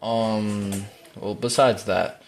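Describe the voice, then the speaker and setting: A man giving casual, rambling gameplay commentary, full of fillers, breaking into excited yelps while playing. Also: fairly low pitch, extremely slow, creaky. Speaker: gaming YouTuber. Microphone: phone.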